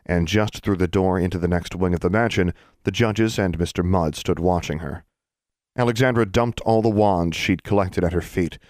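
A man with a very deep voice reads a fantasy audiobook in a steady, measured way. The sound is dry and close, with no room around it. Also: dry recording. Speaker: audiobook narrator. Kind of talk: scripted narration.

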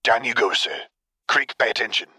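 A man voicing a brisk, respectful soldier. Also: on the low side, expressive, bright, forceful tone, breathy edge, dry recording, clean studio sound, heavily acted. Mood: dutiful. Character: dutiful, respectful male soldier.

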